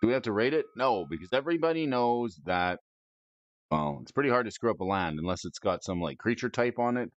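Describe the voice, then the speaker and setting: A man's voice: fairly low pitch, expressive, fairly quick, no room sound. A man hosting a casual stream, rating game cards aloud with playful, goofy asides and silly wordplay. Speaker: host. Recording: dry, dull lo-fi mic.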